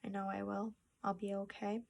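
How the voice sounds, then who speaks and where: A young woman talking to her phone camera in a personal vlog, soft-spoken and halting, with restarts and sad pauses. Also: mid-range voice, little pitch movement, gravelly. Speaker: vlogger. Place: home room with a treadmill.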